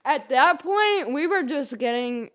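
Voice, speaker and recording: Slow-talking, lively woman podcast guest. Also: high voice. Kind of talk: casual chat.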